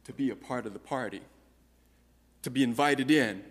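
A man's voice: mid-range voice, normal speed, long reverb tail. A man preaching a sermon, earnestly posing rhetorical questions to the congregation. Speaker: pastor.

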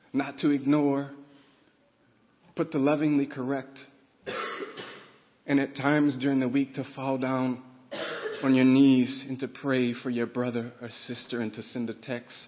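Male pastor, fervent sermon delivery, voice a touch high, muffled echoing church recording. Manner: rising to fervent emphasis. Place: church sanctuary. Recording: dull sound with long reverb.

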